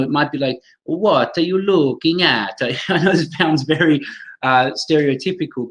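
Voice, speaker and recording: A man's voice: medium pitch, rough recording. A man leading a live online training for teachers over a computer mic, chatty, reacting to viewers' comments and often restarting his sentences.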